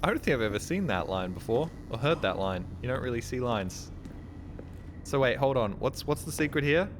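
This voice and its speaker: A man's voice: mid-range voice, animated, normal speed, noisy background. A man streaming a game live, rambling and swearing in casual commentary, often laughing.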